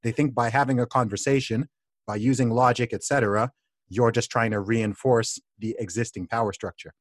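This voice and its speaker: A man's voice: medium pitch, steady tone, a little fast, dry recording. Guy host explaining stuff emphatically, lots of restarts, dry sound. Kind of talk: casual conversation.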